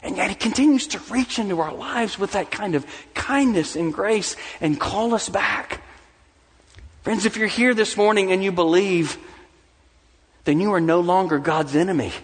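High-voiced male pastor in a big reverberant hall. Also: lively intonation, a little slow, husky. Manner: swings from soft intimate asides to rising, emphatic declarations. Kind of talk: sermon. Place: church sanctuary.

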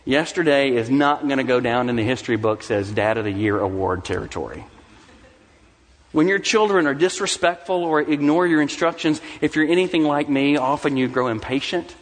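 A middle-aged man preaching a sermon as pastor, swinging from soft, low asides to rising, emphatic declarations. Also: expressive, normal speed, long reverb tail. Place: church sanctuary.

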